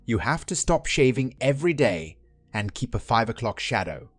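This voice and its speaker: A man reading the lines of a sharp, questioning wife in her forties in a dry, plain voice. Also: mid-range voice, big pitch swings, normal speed, dry recording, soft background music. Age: 40s. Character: upset middle-aged wife, woman.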